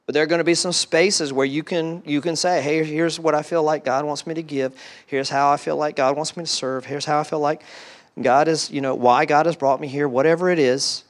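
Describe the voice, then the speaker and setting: Male pastor, lively sermon delivery, slightly high voice, repeats phrases for effect. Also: brisk. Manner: animated, repeats words, voices excited quotes.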